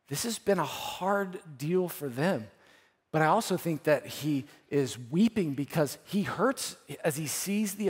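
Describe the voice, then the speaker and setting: A man preaching a sermon as pastor, earnest, repeating phrases, rising to emphatic peaks and dropping to soft, quiet lines. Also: fairly high pitch, husky. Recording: church hall with long reverb.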